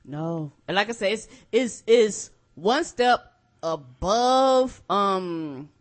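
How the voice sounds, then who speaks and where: A woman co-hosting a podcast, chatting casually in a relaxed way that trails off. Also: medium pitch, slow pace. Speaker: podcast co-host. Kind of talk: casual chat.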